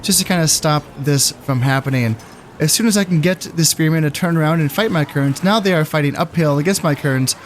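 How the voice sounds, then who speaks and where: A man casually commentating his strategy game, thinking aloud in a relaxed, musing way with fillers. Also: a little high, brisk, a little hiss or hum. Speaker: gameplay commentator. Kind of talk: casual let's-play commentary.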